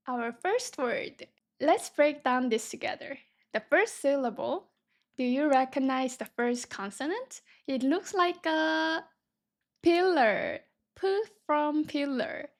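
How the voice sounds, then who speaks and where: Slow, cheerful high-voiced woman teacher. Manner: cheerful, slow and deliberate, sounding out syllables. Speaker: Korean language teacher. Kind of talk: beginner language lesson.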